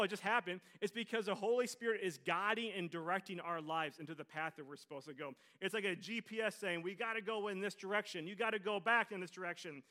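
A man's voice: high voice, sharp tone. A middle-aged male pastor preaching a conversational sermon to his congregation, joking with them as he goes. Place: church service before a congregation.

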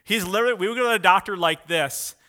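A man's voice: high voice, fast. A man preaching a sermon, telling a story in a loose, conversational way and acting out quotes in a raised voice. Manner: animated, acts out quotes in a raised voice. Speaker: pastor.

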